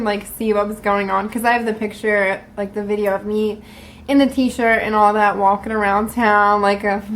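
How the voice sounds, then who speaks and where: A young woman vlogger telling a story in casual, profane talk, animated and full of "like". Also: mid-range voice, a little hiss or hum.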